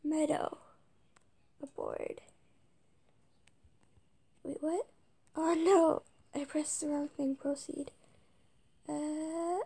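A woman playing a video game, reading its text aloud haltingly and muttering whispered asides between stumbles. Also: high voice, level tone, vocal fry, dark tone. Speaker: let's-play gamer.

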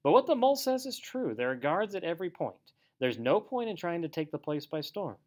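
A man's voice: on the high side, big pitch swings, fairly quick, pitched above the performer's own voice. A man doing a stern, dry old badger.

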